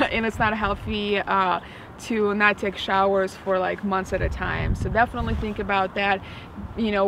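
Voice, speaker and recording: A woman's voice: medium pitch, far from the mic. A woman vlogger gives casual, chatty advice outdoors near a vehicle. She sits a little back from the camera mic. Faint street noise hums behind her. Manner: chatty, repeats "definitely" and "as always".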